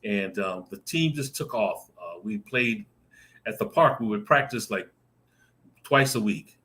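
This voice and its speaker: A man on a video call telling a lively personal story, acting out the voices in it and laughing often. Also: lowish voice, measured pace. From Arizona. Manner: animated, acts out voices in his stories, laughs often. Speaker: guest storyteller. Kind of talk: casual anecdote telling.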